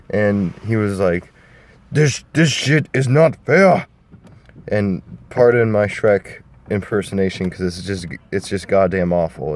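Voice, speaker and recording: Brief: low-pitched young guy, casual rambling storyteller, crude jokes, phone mic. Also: a little mellow, slight background noise. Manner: meandering, restarts, crude humor. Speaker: video creator.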